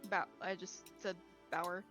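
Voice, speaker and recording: A woman's voice: on the low side, fairly even intonation, unhurried, a bit bright, faint music behind. A woman playing in a live-streamed tabletop game, chatting casually. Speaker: player.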